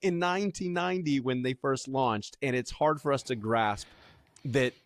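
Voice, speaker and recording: Animated man co-hosting a podcast. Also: mid-range voice, a little fast, no echo. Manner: animated, thinks aloud with many restarts. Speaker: podcast co-host. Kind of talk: casual chat.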